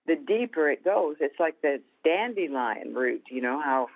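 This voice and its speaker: A woman, a guest author and minister, telling stories in a folksy, animated way during a Christian interview. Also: low voice, unhurried. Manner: animated storyteller, folksy, laughs easily. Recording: tinny phone-like sound.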